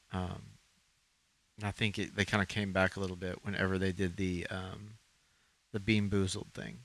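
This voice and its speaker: A man from Arkansas co-hosting a podcast, chatting casually and rambling with lots of ums. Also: sits low. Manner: relaxed, rambling with many ums. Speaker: podcast co-host. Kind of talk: casual chat.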